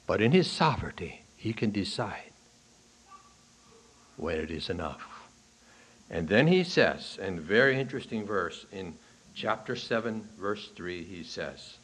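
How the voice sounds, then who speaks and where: Man preaching a sermon, swinging loud to hushed. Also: very animated, a little slow, breathy edge. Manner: preaches in bursts, rising loud and high on key points, then dropping low and quiet; asks the congregation questions. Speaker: pastor. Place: church. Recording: archival sermon recording.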